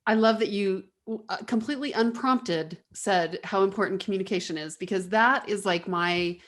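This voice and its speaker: A woman co-hosting a casual interview, enthusiastic and quick to laugh. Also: medium pitch. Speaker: co-host.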